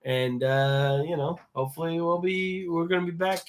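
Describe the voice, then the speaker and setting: A man's voice: fairly high pitch, normal speed. A man co-hosting a casual live show while sick and coughing, with wry asides. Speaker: co-host. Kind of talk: casual live-stream chat.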